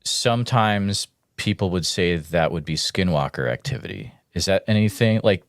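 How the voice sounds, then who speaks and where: A man hosting a podcast, asking unhurried, searching questions. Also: sits low, smooth, no echo, clean studio sound. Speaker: podcast host. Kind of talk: casual interview questions.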